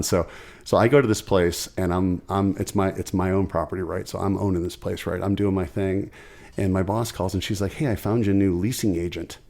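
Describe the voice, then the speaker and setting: This low, gravelly-voiced man is an Ohio musician appearing as a podcast guest. He's an animated, fast-talking storyteller in a casual conversation, voicing the people he quotes.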